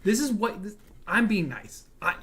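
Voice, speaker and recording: A man co-hosting a reaction livestream from home, talking in an animated, joking way and swearing freely. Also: high-pitched, normal speed. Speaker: co-host of reaction stream. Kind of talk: casual livestream chat.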